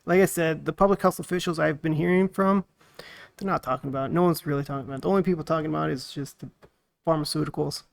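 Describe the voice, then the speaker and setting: Podcast host guy, pretty high voice with a gravelly edge, calmly explaining his take. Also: quick pace. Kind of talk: casual chat.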